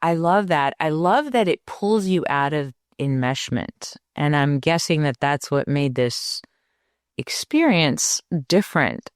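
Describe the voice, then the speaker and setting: Unhurried woman with a smooth, clear voice. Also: low-pitched, animated, no room sound, clean studio sound. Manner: affirming, unhurried. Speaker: podcast co-host, parenting doctor. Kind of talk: warm conversational podcast talk.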